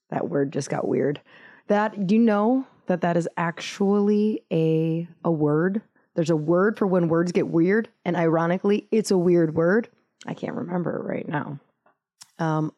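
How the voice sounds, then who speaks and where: Female podcast host, mellow low-ish voice, casual self-deprecating tangents, dry close sound. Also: creaky, dry recording. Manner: rambling, self-mocking, full of tangents and fillers. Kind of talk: casual podcast intro monologue.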